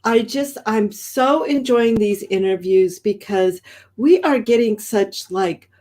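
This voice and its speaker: A woman's voice: medium pitch, slow pace, warm tone. A woman co-hosting an online interview over a video call, gushing and enthusiastic, filling her speech with "like". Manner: gushing, lots of "like" fillers. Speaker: co-host. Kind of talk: casual interview chat.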